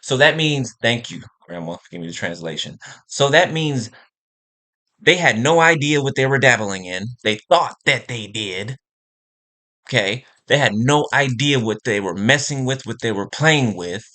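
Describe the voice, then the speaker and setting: A man's voice: medium pitch, animated, unhurried, sharp tone. A man giving an impassioned spiritual monologue, repeating phrases for emphasis and checking in with "right?" and "okay?". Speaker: spiritual speaker.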